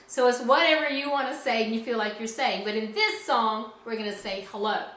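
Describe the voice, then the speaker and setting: A woman's voice: fairly high pitch, brisk, fairly bright tone, echoey room, low-quality recording. A woman teaching a children's music lesson in a cheerful, encouraging way, talking straight to the kids.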